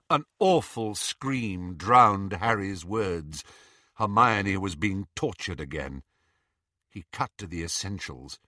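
Expressive male audiobook narrator, dry sound. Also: low voice, no echo. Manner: expressive, measured.

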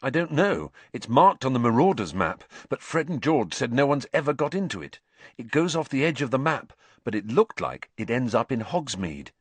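A determined teenage schoolboy, tense and grim, speaking a little higher and with lively rises and falls, as a male narrator voices him. The sound is dry and close. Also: moderate pace, breathy edge, no room sound.

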